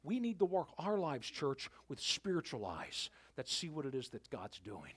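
A male pastor preaching a sermon with animated storytelling, sometimes dropping to a near-whisper for emphasis. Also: on the high side, moderate pace, few pauses, breathy edge.

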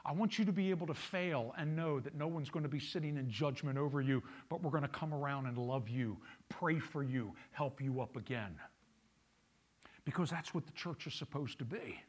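A man's voice: on the high side, expressive, normal speed, husky. A male pastor preaching a sermon, emphatic, repeating key phrases and asking the congregation questions.

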